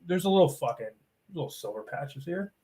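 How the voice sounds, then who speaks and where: A man's voice: on the high side, animated, a little fast, dark tone. A man, a guest on a casual podcast, telling a rambling story and acting mock-offended, swearing a lot. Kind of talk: casual banter.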